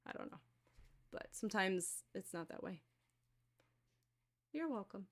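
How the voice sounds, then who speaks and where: This woman's voice is medium-pitched, expressive and fairly bright, and she takes her time. She runs a live stream of card and pendulum readings, chatting casually with viewers in a rambling manner full of fillers and restarts.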